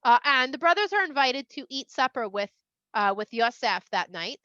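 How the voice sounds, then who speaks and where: Female storyteller for children; chatty, expressive, bright, dry recording. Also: sits high, moderate pace, dry recording, lo-fi sound. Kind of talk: casual storytelling for kids.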